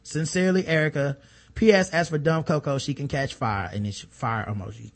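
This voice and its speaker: Chill guy reading listener mail on a podcast, kinda high voice, mutters his asides. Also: brisk. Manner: laid-back, drops into a low mutter for asides, reads letters aloud. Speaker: podcast co-host. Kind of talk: casual chat, reading listener emails.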